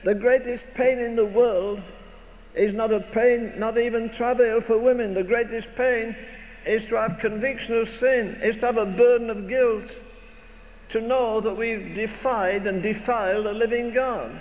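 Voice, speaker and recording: An older man preaches a sermon in an extremely high, steady voice, a little slow, leaning on emphatic, rhetorical, repeated phrases. The recording is dull, made in a reverberant hall with faint noise.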